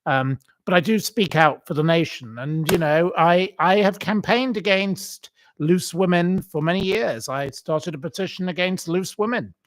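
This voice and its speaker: A man's voice: high voice, normal speed. A man hosting his own commentary channel, talking in a theatrical, indignant monologue with exaggerated swoops of emphasis. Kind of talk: opinionated monologue.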